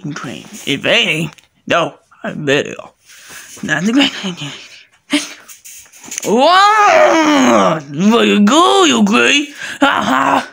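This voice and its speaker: A woman voicing every character of a homemade cartoon, excitable and broken in her phrasing, jumping between squeaky highs and gruff lows. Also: measured pace. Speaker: fan animator voicing all characters.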